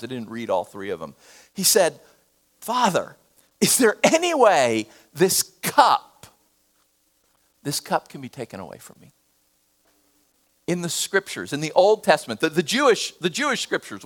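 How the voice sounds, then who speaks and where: A male pastor delivering a sermon in a high, expressive voice. His pitch jumps widely, and he moves between loud, emphatic preaching and quiet, nearly whispered moments. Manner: animated preaching, swings between loud bursts and hushed near-whispers.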